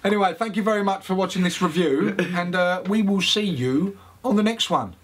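A man's voice: high-pitched, a little fast, fairly bright tone. A man giving a casual, chatty product review, with frequent fillers and the odd swear word. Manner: chatty, swears, laughs often, many fillers.

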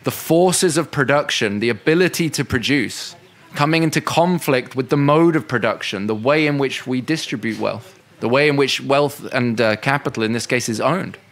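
A man's voice: medium pitch, moderate pace. Male speaker, unscripted, conversational, fillers and restarts, mid-range voice. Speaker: speaker at a political education session. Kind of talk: unscripted talk answering questions.

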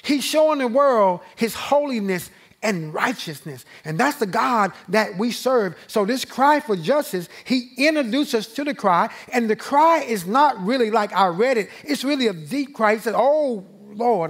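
A man leading a church Bible study, slow and emphatic, repeating key phrases and rising when he reads scripture aloud. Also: high-pitched, animated. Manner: rises and slows when reading scripture aloud. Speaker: pastor teaching Bible study.

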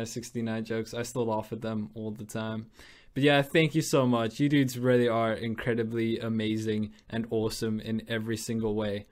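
A young man hosting a gaming video, gushing and rambling as he thanks his viewers, stumbling over his words and giggling. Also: mid-range voice. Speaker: gaming channel host. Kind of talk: casual vlog commentary over mobile gameplay.

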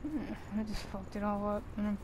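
A woman's voice: medium pitch, steady tone, normal speed, a little mellow, a little hiss or hum. A woman commenting on her own video game playthrough, swearing heavily and ranting in exasperation. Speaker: gamer. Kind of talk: let's play commentary. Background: game music.

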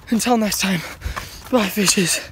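A woman hosting an outdoor vlog, narrating a mock-dramatic adventure in a deadpan, jokey way, out of breath and warning viewers with fake seriousness. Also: mid-range voice, slow pace, a little hiss or hum. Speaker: vlog host. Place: outdoors in a swampy field.

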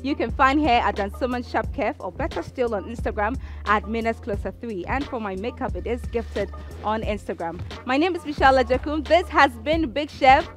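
A woman's voice: a little high, brisk, few pauses, soft background music. A woman with a Ghanaian English accent, a bubbly, chatty host closing a TV cooking show. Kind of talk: TV show sign-off.

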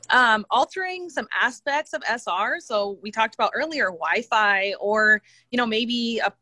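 A woman co-hosting a professional webinar on a video call, walking through examples in an animated, upbeat way and laughing easily. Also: a little high, no echo. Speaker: co-host presenter.

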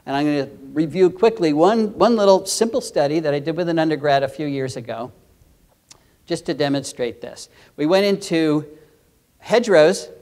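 An older man gives a conference keynote in an earnest, explanatory tone. His voice sits a little high for a man. He often restarts his phrases as he works through each point. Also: moderate pace, a little mellow. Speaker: keynote speaker, entomology professor.

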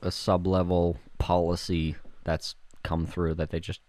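A man's voice: sits low, flat delivery, a little slow, a little mellow, no echo. A young man from Canada co-hosting a podcast, laid-back, blunt and teasing. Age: young adult. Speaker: podcast co-host. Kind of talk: casual chat.

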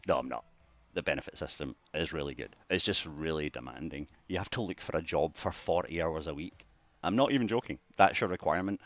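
A Scottish man rambling casually to camera, jokey, with sudden bursts of excitement between mumbled asides. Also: low-pitched, no echo. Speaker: vlogger. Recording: dull lo-fi dry recording.

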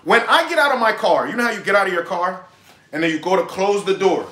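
A man's voice: high voice, animated, quick pace, pushed and bright, echoey room. A young man giving brash, profane dating advice in a casual livestream monologue.

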